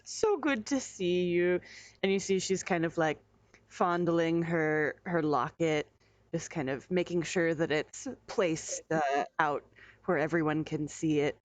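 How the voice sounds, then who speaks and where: A woman narrating as game master of a tabletop game, chatty and lively. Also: deep voice, dry recording.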